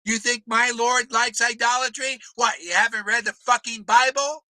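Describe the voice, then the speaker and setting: A man preaching in an impassioned, confrontational rant, swearing freely, often shouting and mocking others. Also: very high-pitched, steady tone, moderate pace, no room sound, rough recording. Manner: mocks others in put-on voices. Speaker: spiritual teacher.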